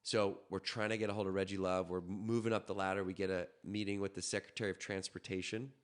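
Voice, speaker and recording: A man from Canada, a podcast guest, telling a story in a quick, animated way with frequent restarts. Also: low voice. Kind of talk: casual storytelling.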